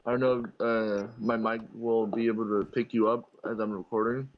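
A man's voice: on the low side, level tone, normal speed. A young man joining a friend's gaming session, cracking jokes and rambling with lots of fillers. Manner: joking, rambling with many uh fillers. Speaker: guest gamer. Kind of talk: casual gaming chat. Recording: dull lo-fi home mic.

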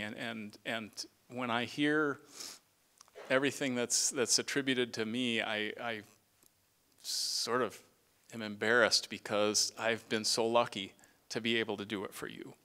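A middle-aged man, retiring as director, gives an earnest farewell speech, sometimes halting and starting over. His medium-pitched voice sounds pushed and bright.

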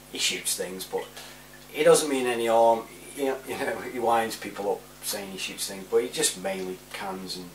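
A man, rambling casually through shout-outs to friends, laughing often. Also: mid-range voice, distant mic. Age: 40s. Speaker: vlogger. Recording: roomy, off-mic, faint hum.

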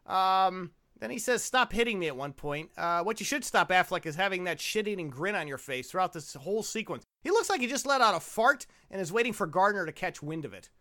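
A man's voice: sits high, animated, brisk, few pauses, sharp tone. A man co-hosting a comedy movie podcast, riffing sarcastically and cursing freely. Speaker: podcast co-host. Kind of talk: casual comedic movie commentary.

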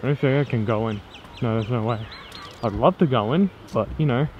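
A man's voice: mid-range voice, a little fast, lo-fi sound. A young man, vlogging casually through city streets and a park, swearing a lot and often laughing. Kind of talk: casual handheld travel vlog. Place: outdoors in busy city streets, station and park. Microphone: camera on a small tripod. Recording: clear street noise behind.

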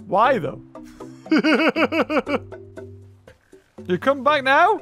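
A man giving excitable gameplay commentary, laughing often and yelping at jump scares. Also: very high voice, a little slow, pauses often, faint music behind. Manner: excitable, laughs a lot, yelps and shouts at scares. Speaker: gaming YouTuber.

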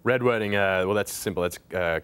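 A man playing a dopey bro who talks slowly and is secretly a kidnapper, in an improvised comedy sketch. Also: fairly low pitch, fairly bright tone, clean tone, lightly acted. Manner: slow, dopey bro talk.

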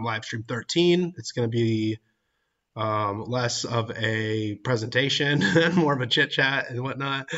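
A man's voice: medium pitch, fairly bright tone. A man hosting a livestream, chatting loosely, laughing often as he reads out viewer comments. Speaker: livestream podcast host. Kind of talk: casual livestream chat. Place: church building. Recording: dull lo-fi stream audio.

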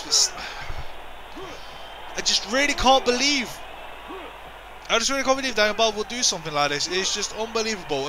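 A man doing excitable, indignant play-by-play commentary for a video game wrestling show, often repeating himself. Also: high-pitched, background noise.

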